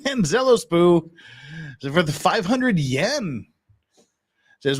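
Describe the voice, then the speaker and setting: A man's voice: a little high, very animated, slow pace, long pauses. A man hosting a live stream, reading viewer messages and making joking, rambling asides. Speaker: streamer reacting to hearings. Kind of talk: casual live-stream commentary.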